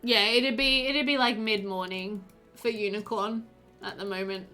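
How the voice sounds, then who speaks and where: A woman at medium pitch, pushed and bright, keeps fairly even intonation at a moderate pace over soft background music. She streams games, chatting casually with viewers and answering chat while playing, full of filler like ums and likes.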